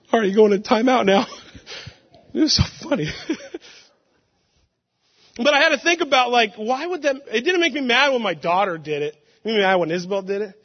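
High-voiced young man preaching in an echoey hall. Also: moderate pace, pauses often. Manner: animated, laughing storytelling with sudden loud outbursts. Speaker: pastor. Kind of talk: sermon. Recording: muffled sound with long hall reverb.

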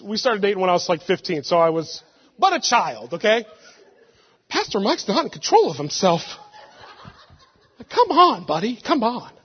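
A young man, a pastor, giving an animated sermon full of laughing stories and sudden loud outbursts. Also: high-pitched, slightly rough. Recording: muffled sound with long hall reverb.

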